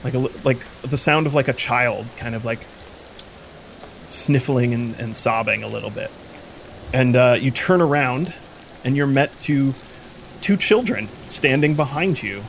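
Halting man narrating as game master. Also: medium pitch, creaky, slight background noise. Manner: halting, many fillers and restarts.

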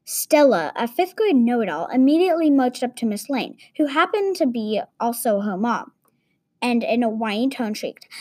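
A woman reading a story aloud in a deliberate, expressive way. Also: a little high, no echo.

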